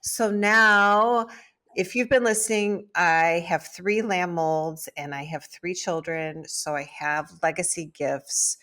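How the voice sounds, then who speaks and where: A woman's voice: on the low side, fairly even intonation, takes it slowly, fairly bright tone. A middle-aged woman from the Midwest, co-hosting a casual podcast chat and telling family stories. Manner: chatty storyteller. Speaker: podcast co-host.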